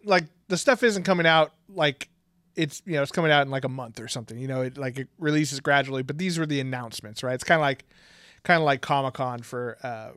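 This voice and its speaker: A man's voice: fairly high pitch, fairly bright tone, smooth, no echo, clean studio sound. A man co-hosting a casual podcast, rambling with lots of fillers and frequent laughs. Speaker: podcast co-host. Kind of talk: casual chat.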